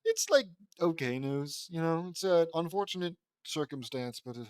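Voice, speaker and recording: A man's voice: fairly high pitch, animated, moderate pace, darkish tone, clear, resonant tone, dry recording. A man reading a fan fiction aloud and rambling off into his own commentary. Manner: rambling, lots of fillers and restarts. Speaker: audiobook reader of fan fiction.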